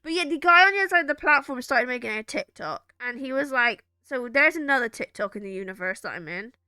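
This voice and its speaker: A woman's voice: high-pitched, fast, clean tone, no room sound, studio quality. A young woman streamer telling a rambling story to her chat, acting out what people said. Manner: animated, acts out quoted lines, rambling restarts.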